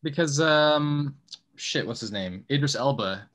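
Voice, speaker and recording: A man hosting a podcast in casual chat, loud and argumentative, swearing freely and mocking himself. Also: mid-range voice, lively intonation, measured pace. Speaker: podcast host.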